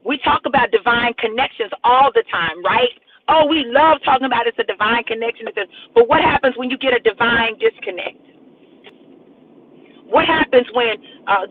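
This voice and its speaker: A woman preacher giving an emphatic, repetitive prophetic sermon on a live stream, speaking straight to her viewers. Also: sits high. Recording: tinny phone-like audio with faint noise.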